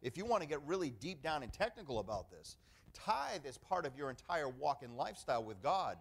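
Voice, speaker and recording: A man's voice: on the high side, very animated, brisk, vocal fry. A middle-aged man preaching a sermon as pastor, emphatic and conversational, often calling for an "amen" from the congregation.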